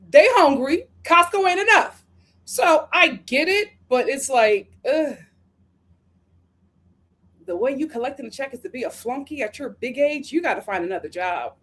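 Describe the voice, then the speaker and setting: An American woman hosting a live review stream. She reads viewer comments aloud and answers them in slangy, chatty talk, laughing often and drifting into quick asides. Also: fairly high pitch. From United States. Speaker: reality TV reviewer hosting a livestream. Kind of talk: casual livestream commentary reading viewer comments.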